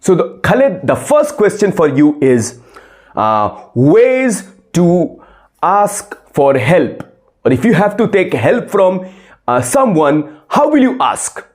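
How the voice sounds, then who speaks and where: A man acting as an English teacher, asking questions slowly with frequent fillers. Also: high-pitched, sing-song, darkish tone. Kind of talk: scripted classroom role-play.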